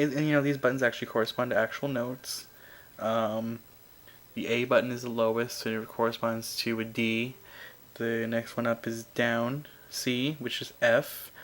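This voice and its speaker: A young man rambles through casual gameplay commentary, full of fillers and dry, sarcastic asides. His voice sits at an ordinary middle pitch. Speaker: let's play host.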